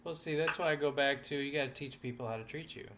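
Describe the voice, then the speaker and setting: A man co-hosting a relationship podcast, giving frank, gruff advice in casual chat. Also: on the high side, quick pace, bright, forceful tone. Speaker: podcast co-host. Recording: noisy podcast recording.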